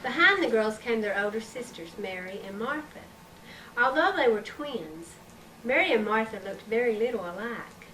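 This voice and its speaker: A woman reading her own story aloud in a measured, expressive way, recorded on an old tape. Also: on the high side. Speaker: author reading her book. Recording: distant mic, faint hiss, 1990s tape.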